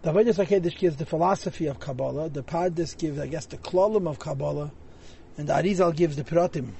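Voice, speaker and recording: A man teaching a Chassidus class to regulars, lively and thinking aloud as he explains, stressing key words. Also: a little high, quick pace, creaky, a little hiss or hum. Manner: thinks aloud, hedges and restarts often. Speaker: Torah teacher. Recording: echoey room.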